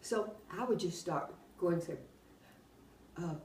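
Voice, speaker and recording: An older woman with a drawl spins long, winding anecdotes, her voice sitting a little low. She sounds set back from the mic in a roomy space, with a faint hum behind her. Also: takes it slowly, distant mic. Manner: rambling, animated, often laughing while telling anecdotes. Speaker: oral history interviewee. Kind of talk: casual storytelling.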